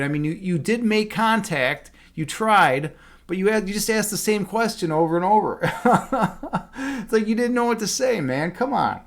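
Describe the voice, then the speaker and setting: A man's voice: high voice, lively intonation, moderate pace, gravelly. Rambling man streaming from home. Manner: rambling, full of "like" and "you know" fillers; talks loudly at times. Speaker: livestreamer and chess instructor. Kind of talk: casual livestream chat.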